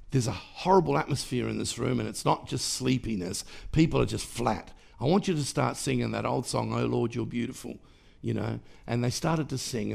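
A pastor preaches a sermon in church, emphatic and rhythmic, repeating phrases and suddenly getting louder. He speaks at medium pitch with vocal fry.

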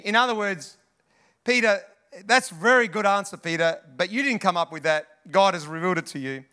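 A male pastor preaches in a high, bright voice. He talks to the congregation in a lively, chatty way and calls out to the room as he goes. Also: brisk. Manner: animated, conversational preaching with asides to the congregation. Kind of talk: sermon.

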